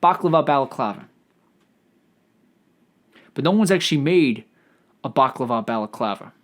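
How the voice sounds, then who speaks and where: A man hosting a solo comedic podcast, riffing out loud in a profane, stammering ramble. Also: mid-range voice, lively intonation, moderate pace. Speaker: podcast host.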